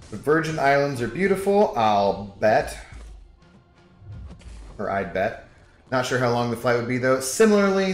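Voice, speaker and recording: A young man casually chatting with viewers during a game livestream, rambling and reading chat messages aloud. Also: medium pitch. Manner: laid-back, rambling, reads chat aloud. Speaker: game streamer. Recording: echoey room with background music.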